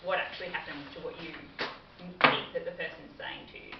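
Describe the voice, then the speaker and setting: Woman, workplace trainer, lower pitch, friendly explanations, dull far-off recording. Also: steady tone, brisk, heavy background noise. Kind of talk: classroom training talk. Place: training room. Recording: dull, roomy recording from afar.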